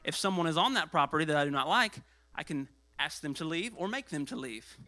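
Guy pastor preaching, kinda high bright voice, out of breath, goes loud then hushed. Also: fairly quick. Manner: animated, swings between loud and hushed. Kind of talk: sermon.

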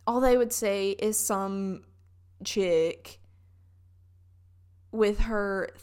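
A woman's voice: mid-range voice, very slow, a little mellow, smooth. A young woman with a Southern US accent, chatting casually in a vlog and telling stories with lots of fillers.

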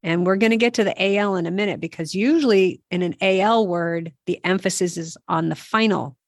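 A woman's voice: on the low side, fairly quick, no echo, studio quality. A woman who is a native English speaker hosting a podcast language lesson, upbeat and self-deprecating as she prompts each word. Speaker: podcast host.

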